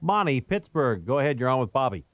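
Call-in radio host guy, steady and measured, kinda muffled lo-fi sound. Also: medium pitch, no room sound.

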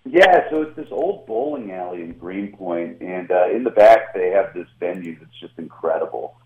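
Young comedian guest, slight Southern US accent, lower voice, tinny phone-line sound. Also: male voice, moderate pace, echoey room. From Atlanta, US South. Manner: animated, laughing, self-mocking. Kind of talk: casual interview chat.

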